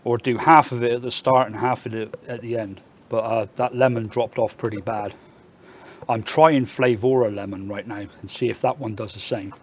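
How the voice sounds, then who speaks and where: A man's voice: mid-range voice, steady tone, moderate pace, a little hiss or hum. Man, Somerset English accent, live stream host, casual banter, dull lo-fi audio. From England. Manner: chatty, reads viewer comments aloud, joking banter.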